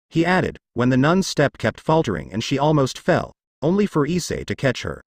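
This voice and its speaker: A man's voice: mid-range voice, sing-song, normal speed, dry recording, studio quality. A man reading a fanfiction story aloud as narration. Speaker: fanfic reader. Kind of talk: scripted narration.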